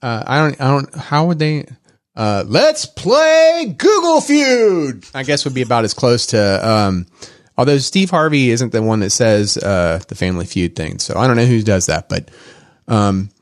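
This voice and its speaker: A man hosting a podcast in casual chat, rambling with lots of fillers and quick laughs. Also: mid-range voice, dry recording, studio quality. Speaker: podcast host.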